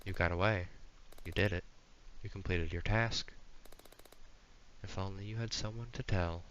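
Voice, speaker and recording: A man playing a visual novel, reading the game text in a dry, deadpan way and commenting. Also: deep voice, moderate pace. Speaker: game streamer. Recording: dull lo-fi mic with faint hiss.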